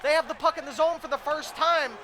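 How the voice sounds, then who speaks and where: A man with a very high voice calls his own video game match in a frantic rush, swinging from pleading to shouting as the play turns. His voice is getting hoarse from the strain, and there is steady noise in the background. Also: fast, over a noisy crowd. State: voice going hoarse. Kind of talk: excited let's-play commentary.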